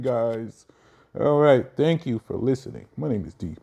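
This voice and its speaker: Animated New comedian, mellow voice. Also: male voice, medium pitch, moderate pace, vocal fry, highs cut off. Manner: animated, jumps into acted voices and asides. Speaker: comedian vlogger. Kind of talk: casual comedic commentary.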